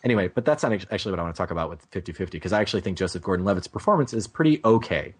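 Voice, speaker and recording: Rambling animated movie-review man. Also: sits low, very fast, husky. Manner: animated, rambling, self-interrupting. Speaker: podcast co-host. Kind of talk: casual movie review chat.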